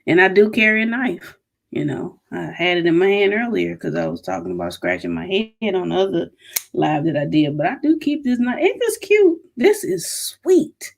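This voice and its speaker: A woman's voice: fairly low pitch, sing-song, fairly quick, creaky. A woman with a Detroit accent hosts her own podcast, chatting through a live Q&A. She rambles through stories and asides and laughs easily. The talk is loose and casual, as if streamed live from home. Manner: chatty, storytelling, laughs and drifts off-topic. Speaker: podcast host.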